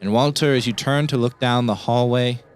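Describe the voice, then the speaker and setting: A man narrating as game master of a tabletop horror game, with slow, drawn-out descriptions. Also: medium pitch, soft background music.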